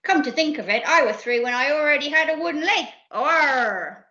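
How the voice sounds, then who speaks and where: Rowdy storybook pirate men, woman reader doing the voices, bright and lively, echoey lo-fi sound. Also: sits high, normal speed, voice pushed up. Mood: boastful. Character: gruff boisterous male pirate crew.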